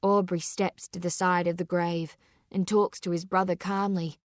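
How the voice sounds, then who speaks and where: A woman narrating a dark story with dramatic, deliberate delivery. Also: fairly low pitch, level tone, no room sound, clean studio sound. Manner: slow, intense, deliberate delivery.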